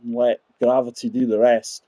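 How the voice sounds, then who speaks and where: A man's voice: mid-range voice, level tone, moderate pace, warm tone, dry recording. A man in his forties giving chatty, rambling commentary while playing a golf video game and talking to his viewers. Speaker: gaming channel host. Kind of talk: casual gameplay commentary.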